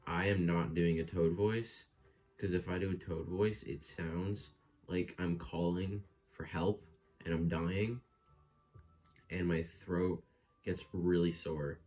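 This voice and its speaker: A man's voice: low voice, steady tone, slow, darkish tone. A man giving joking, offhand commentary while playing a video game. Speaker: let's play host.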